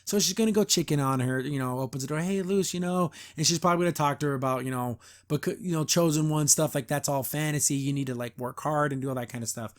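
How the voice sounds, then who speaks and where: A man talking casually as a podcast host reacting to a cartoon. His voice sits a little high. He rambles with restarts, gives strong opinions and jumps into quick character voices to retell scenes.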